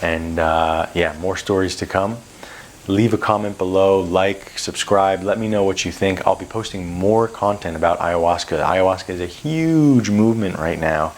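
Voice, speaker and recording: A man's voice: sits low, moderate pace, slight background noise. A man on a vlog telling a personal story in an intense, rambling way, swearing freely as he goes. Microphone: close to camera.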